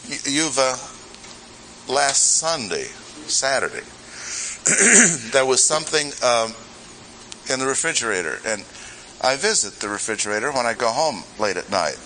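A man's voice: medium pitch, very animated, unhurried, long pauses, sharp tone, slight background noise, rough recording. A man preaching an expository sermon in a conversational way, with rhetorical questions and humorous asides.

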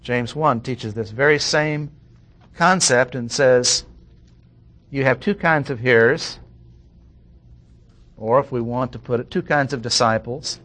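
A man's voice: mid-range voice, unhurried, pauses often, fairly bright tone. Man teaching a methodical sermon. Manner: methodical, emphatic Bible teaching, reading verses aloud. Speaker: pastor. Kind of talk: expository sermon.

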